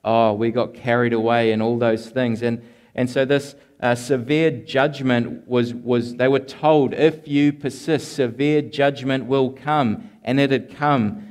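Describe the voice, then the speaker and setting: Guy preaching a sermon, earnest, slows down on the big lines, restarts his phrases a lot. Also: mid-range voice, a little mellow. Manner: repeats words and restarts phrases. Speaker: pastor.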